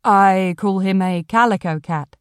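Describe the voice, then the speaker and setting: A woman voicing a polite, gently wry woman who lives on a narrowboat. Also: mid-range voice, a little slow, clean tone, no echo, clean studio sound, lightly acted.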